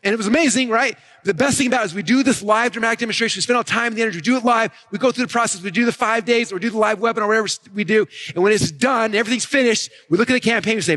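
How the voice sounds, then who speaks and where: A man giving an energetic marketing talk on stage, walking listeners through his method and often checking in with "right?" and "okay?". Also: high-pitched, fast talker. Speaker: marketing speaker.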